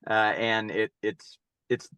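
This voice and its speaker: A man's voice: lowish voice, level tone, takes it slowly, bright, forceful tone, clean tone, dry recording. A middle-aged man from North Carolina, a youth baseball coach, answering interview questions in long, rambling stories and often repeating his words. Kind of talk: casual interview storytelling.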